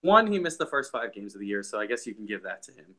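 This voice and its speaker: A man's voice: lowish voice, very animated, fast, pushed and bright. A young man co-hosting a casual soccer podcast, often restarting his sentences as he thinks aloud. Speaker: podcast co-host.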